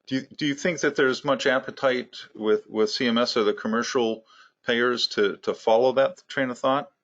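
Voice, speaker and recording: A man's voice: mid-range voice, fairly even intonation, normal speed, a bit bright. A man hosting a healthcare webinar, talking conversationally with plenty of fillers and a dry sense of humor. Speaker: webinar host, healthcare consultant. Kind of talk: webinar discussion. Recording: dull, muffled audio.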